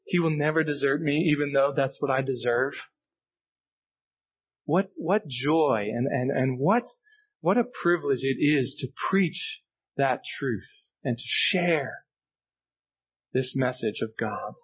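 A man's voice: medium pitch, lively intonation, takes it slowly, long pauses, slightly rough, highs cut off. A male pastor preaching a sermon, earnest and emphatic, repeating key phrases for weight. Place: church sanctuary.

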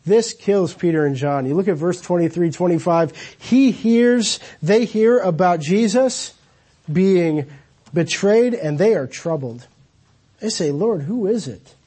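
A man preaches in a relaxed, storytelling way, asking the congregation rhetorical questions as he goes. His voice sits high for a man, with a mellow, husky grain. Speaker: pastor. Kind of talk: sermon. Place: church.

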